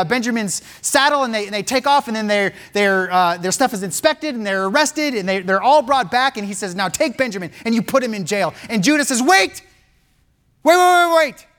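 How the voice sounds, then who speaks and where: A man's voice: very high-pitched, a bit bright. A male pastor preaching a sermon, retelling a story with dramatic acted-out quotes and many restarts.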